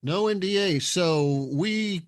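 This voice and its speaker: A man hosting a podcast interview, relaxed and hesitant, asking questions with many fillers. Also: high voice, slow pace, clear, resonant tone. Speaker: podcast host. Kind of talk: casual interview chat.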